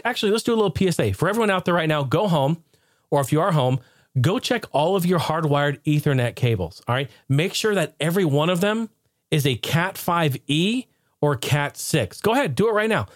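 Animated male podcast host, dry sound. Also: on the high side, brisk, dry recording. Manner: animated storyteller, laughs often. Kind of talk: casual podcast chat.

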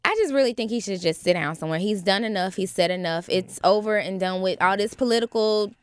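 A woman's voice: mid-range voice, quick pace, clear, resonant tone, no echo. A woman co-hosting a dinner podcast in casual chat, sassy and blunt, laughing often. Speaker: podcast co-host.

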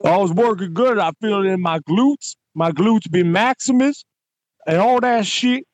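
A man putting on a high brash gym-bro voice. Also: measured pace, dry recording. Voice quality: high-pitched put-on voice, street slang. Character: brash adult male gym-obsessed caller. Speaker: prank call character.

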